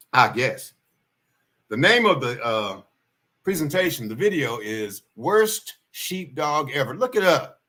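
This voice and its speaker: A man hosting a livestream with a bright, sharp-edged voice. He talks in a folksy, meandering way at an ordinary pitch and circles back to repeat his main points. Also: breathy edge. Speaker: livestream host. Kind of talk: casual spoken storytelling.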